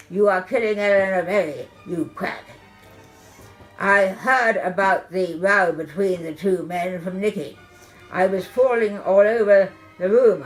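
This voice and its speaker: A woman reading aloud from her own memoir in the first person, telling it in a brisk, deadpan comic way. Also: mid-range voice, rough recording.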